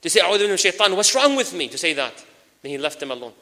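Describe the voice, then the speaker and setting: A man preaching a lively sermon to an audience, mixing in Arabic phrases and addressing the crowd directly. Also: sits high, very fast. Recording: long hall reverb.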